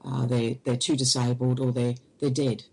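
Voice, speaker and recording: Halting woman telling her story. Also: extremely low pitch, little pitch movement, gravelly, a little mellow, slightly rough, low-quality recording. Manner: halting, hesitant speech. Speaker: interview guest. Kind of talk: recounting personal experience.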